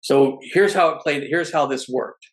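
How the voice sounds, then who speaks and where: A man's voice: a little high, unhurried, low-quality recording. A middle-aged man, a podcast guest, telling stories in casual conversation, often restarting his phrases. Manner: animated storyteller who restarts phrases often.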